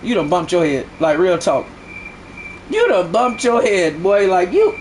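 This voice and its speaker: A man's voice: high-pitched, sing-song, unhurried, slight background noise. A man streaming live who argues heatedly with his chat, repeating himself and swearing a lot. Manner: heated, repetitive, profane arguing.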